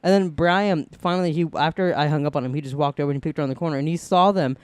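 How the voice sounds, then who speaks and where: A young man co-hosting a podcast at home, telling a story in an animated way, laughing and swearing freely. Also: a little high, rapid-fire, clear, resonant tone, no echo. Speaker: podcast co-host. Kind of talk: casual chat, storytelling.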